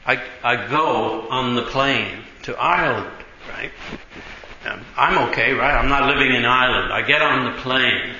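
A man preaches a sermon through loosely told, conversational stories, often tossing in "you know" and "right" and sometimes laughing mid-sentence. His medium-pitched voice is bright and forceful at a measured pace. The recording sounds roomy and dull, with faint noise.

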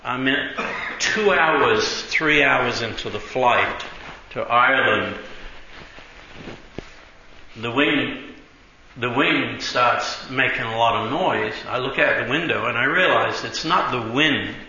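Speaking slowly in a sharp, medium-pitched voice, a preacher rambles through sermon stories, peppering them with "you know" and "right" and occasionally laughing as he goes. The audio is roomy and dull, with a faint hiss of noise.

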